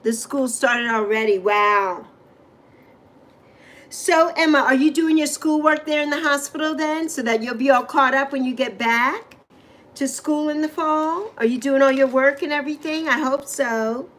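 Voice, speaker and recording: A woman's voice: sits high, measured pace, a bit bright. A woman with a New York accent, raised in the Caribbean, hosting a casual livestream and chatting with viewers by name in a rambling, friendly way. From Bronx, New York, raised on Saint Croix. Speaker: livestream host. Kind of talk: casual livestream chat reading comments.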